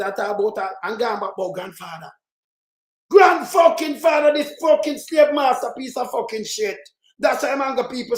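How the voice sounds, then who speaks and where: A speaker with a Jamaican accent giving an angry, profane political rant that keeps breaking into shouts. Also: medium pitch. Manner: profane, heated, shouts in bursts. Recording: roomy echo.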